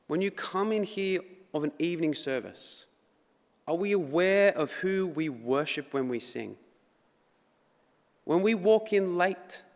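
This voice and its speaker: Aussie guy preaching in a church, fairly high voice, talky then dramatic, long echo off the hall. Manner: conversational, rising to dramatic emphasis. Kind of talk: sermon.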